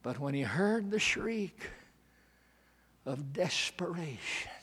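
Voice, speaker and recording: A man's voice: a little high, animated, takes it slowly, husky. Dramatic preacher man. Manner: dramatic swings from hushed to shouting. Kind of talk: sermon.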